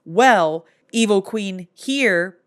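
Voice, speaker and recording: A woman hosting a casual movie recap, telling the plot in a lively way and acting out the characters. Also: mid-range voice, very slow, clear, resonant tone. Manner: animated storytelling that acts out characters. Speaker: film recap host.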